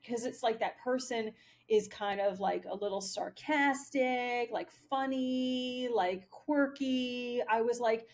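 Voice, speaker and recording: A woman's voice: fairly high pitch, slow pace. A woman talking casually in a rambling monologue, swearing often and leaning on fillers like "like" and "um". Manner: rambling, profane, many fillers. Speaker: spiritual vlogger. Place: Pennsylvania.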